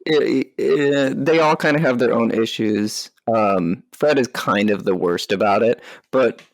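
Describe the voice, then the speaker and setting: A man's voice: medium pitch, unhurried, gravelly, no echo, studio quality. A man co-hosting a podcast, joking through a casual movie discussion and laughing often. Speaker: podcast co-host.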